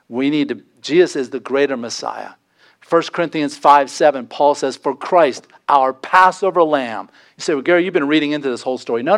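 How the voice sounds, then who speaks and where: A man preaching a sermon, earnest and pleading, his voice climbing for emphasis. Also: medium pitch. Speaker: pastor.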